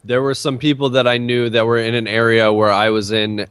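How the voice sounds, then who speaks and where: A man's voice: mid-range voice, flat delivery, a little fast, a bit bright, clean tone, dry recording, clean studio sound. A man co-hosting a casual podcast, telling a rambling story in a laid-back way. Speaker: podcast co-host. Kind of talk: casual chat.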